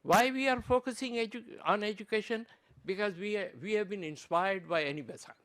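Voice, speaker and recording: A man from Pakistan, giving an earnest, halting conference talk with many restarted phrases. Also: high-pitched, fairly bright tone. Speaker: conference presenter.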